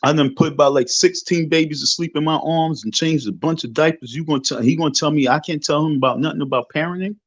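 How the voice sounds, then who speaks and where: A man's voice: fairly high pitch, quick pace, hardly any pauses, dry recording. Preachy guy ranting at his stream chat, repeats himself a lot, cusses, muffled lo-fi dry sound. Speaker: livestream host. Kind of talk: casual livestream rant.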